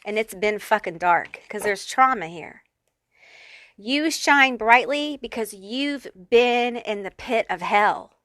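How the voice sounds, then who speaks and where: A woman reads tarot cards for the viewer in a blunt, foul-mouthed, fired-up way. Her voice is bright and forceful and sits a little high. It is close and dry, with no room sound. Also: expressive, slow, dry recording. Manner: blunt, profane and fired-up, talking straight to the viewer. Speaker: tarot reader. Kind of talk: pick-a-card tarot reading.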